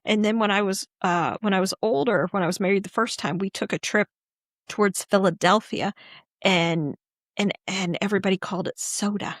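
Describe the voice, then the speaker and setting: A woman's voice: medium pitch, fairly even intonation, moderate pace, no echo. Chatty woman, dry close sound. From Northwestern Pennsylvania. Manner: rambling, chatty, full of restarts. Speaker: podcast co-host. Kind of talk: casual chat.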